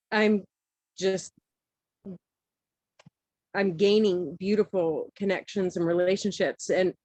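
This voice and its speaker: A woman's voice: medium pitch, no echo. Teary woman sharing on a video call. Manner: halting, grateful, laughing through tears. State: teary and emotional. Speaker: participant sharing in the circle.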